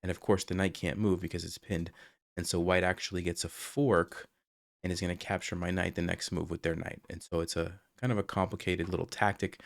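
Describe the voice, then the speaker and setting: A young chess streamer with a deep, gravelly voice that barely moves in pitch talks a little fast, explaining his moves aloud as he plays his own game. His voice is still recovering after he lost it while sick, and the studio-quality recording is dry.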